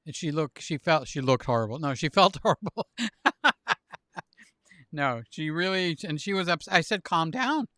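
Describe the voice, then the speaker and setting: Guy hosting a livestream, bright crisp voice, dry sound, cracks up at his own jokes. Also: fairly high pitch, normal speed, long pauses, no room sound. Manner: animated joke-telling, laughs at own jokes. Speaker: livestream host. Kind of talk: casual chat with guests.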